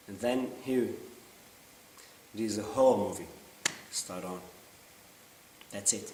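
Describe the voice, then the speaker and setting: A man's voice: lowish voice, warm tone. Man in an intense stage monologue. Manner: intense, halting, confessional. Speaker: actor performing a monologue. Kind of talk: theatrical monologue. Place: theater stage. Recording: roomy stage sound from far off, faint hiss.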